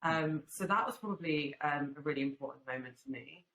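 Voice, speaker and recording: A woman's voice: low voice, fairly quick, a bit bright. A young woman in her twenties talking earnestly about her family and business in a casual podcast chat, with plenty of fillers. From Albanian family, raised in UK. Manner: earnest, reflective, many fillers. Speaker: guest, swimwear brand founder. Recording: echoey room with faint background noise.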